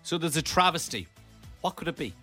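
A man hosting a radio show, chatting playfully and telling stories with lively energy. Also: a little high, brisk, soft background music. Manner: playful, animated storytelling. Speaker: radio host. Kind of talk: casual radio chat.

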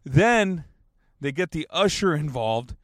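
A man in his thirties tells a story in a loose, animated, rambling way. His voice sits a little high for a man, and he swears freely and chuckles at his own lines. The recording is dry, with no room sound. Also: takes it slowly, no room sound. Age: 30s. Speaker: basketball fan telling a story. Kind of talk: casual storytelling.

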